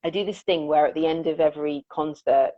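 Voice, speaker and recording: Earnest, low-voiced woman musician guest. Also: steady tone, fairly quick, no room sound. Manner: reflective, earnest, acts out quoted lines. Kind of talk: conversational interview storytelling. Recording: dull, dry lo-fi audio.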